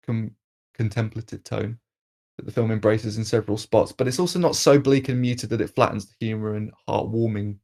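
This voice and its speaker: A man hosting a film review podcast, reading an analytical critique in a measured way with occasional restarts. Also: fairly low pitch, darkish tone.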